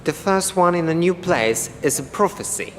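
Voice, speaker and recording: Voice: mid-range voice, expressive, moderate pace, a bit bright, long reverb tail, a little hiss or hum, lightly acted. An actor voicing a teasing, cryptic teenage boy in an audio drama. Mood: sly. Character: teenage boy, sly little con artist.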